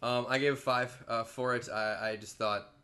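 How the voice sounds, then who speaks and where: A man co-hosting a casual podcast, agreeable and quick to chime in with short affirmations. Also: medium pitch, steady tone, bright, forceful tone. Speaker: podcast co-host.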